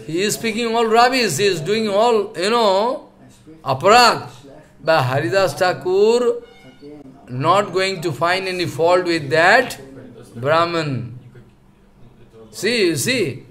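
High, bright-voiced man lecturing slowly. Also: lively intonation. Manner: halting speech with many fillers and repetitions; chants verses slowly. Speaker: spiritual lecturer. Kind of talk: scripture lecture.

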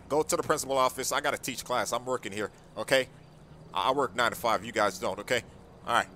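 Bright-voiced hesitant role-play teacher man. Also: medium pitch, slight background noise. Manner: hesitant, full of uh fillers and restarts.

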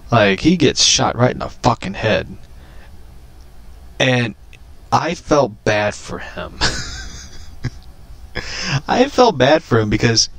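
A man's voice: mid-range voice, dry recording. A man casually rambling about a movie he watched, swearing often and laughing at his own remarks. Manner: animated, profane, laughing often. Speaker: vlogger.

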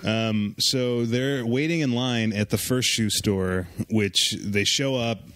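A man's voice: medium pitch, slow pace, fairly bright tone, no room sound. A man in his thirties chatting as a podcast guest, sardonic and rambling with lots of fillers. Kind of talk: casual podcast chat.

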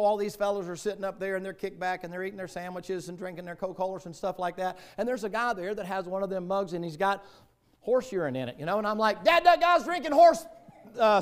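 High-voiced Southern pastor preaching. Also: male voice. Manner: folksy, joking storyteller. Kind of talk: sermon.

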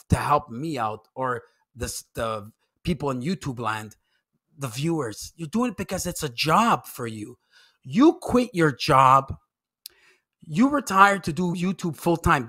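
Bright-voiced man ranting with mockery. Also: fairly high pitch, very animated, a little slow. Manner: mocking, profane, heated ranting; repeats phrases for emphasis. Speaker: commentary YouTuber. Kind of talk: ranting commentary vlog.

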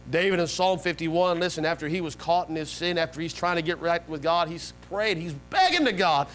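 A man preaching a sermon as pastor, animated, swinging between soft low asides and loud high-pitched bursts. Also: a little fast, few pauses, low-quality recording. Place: church sanctuary.

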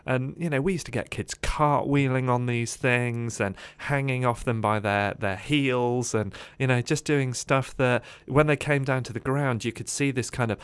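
A man's voice: medium pitch, fairly even intonation, moderate pace, few pauses, clear, resonant tone, no room sound. A man, a guest on a radio interview, telling his life story in a rambling way with many fillers, recorded in a studio.

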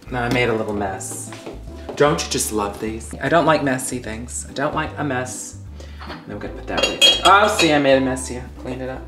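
A man's voice: medium pitch, reverberant. A man hosting a comedic tea-making demonstration in his home kitchen, campy and theatrical, with exasperated swearing asides. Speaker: comedy host.

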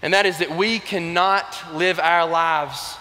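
Young man, Alabama Southern accent, bright forceful voice, folksy earnest speech, long arena reverb. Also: on the high side, steady tone, a little slow. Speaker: youth organization officer. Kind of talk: motivational speech. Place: large arena.

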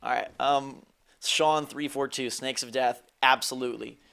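A slightly hoarse man doing live game commentary on a headset mic, yelping at snakes on screen and joking with viewers. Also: medium pitch, steady tone, normal speed, fairly bright tone. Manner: jumpy, yelps and jokes at on-screen snakes, chats with viewers. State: slightly hoarse, under the weather. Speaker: gaming streamer. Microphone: gaming headset.

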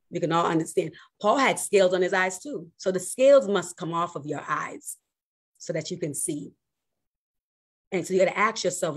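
Her voice husky and fairly low, a woman pastor preaches energetically, moving from booming exclamations down to quiet, deliberate emphasis.

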